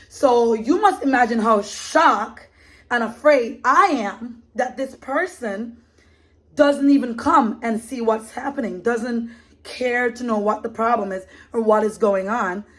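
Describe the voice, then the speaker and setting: A woman telling a story in a casual vlog, in an indignant, emphatic way. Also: fairly high pitch. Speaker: vlogger.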